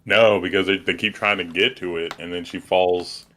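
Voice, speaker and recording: A man's voice: low-pitched, steady tone, moderate pace, sharp tone, a little hiss or hum. A man on a podcast chatting casually about a movie and offering laid-back, wry theories. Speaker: podcast co-host.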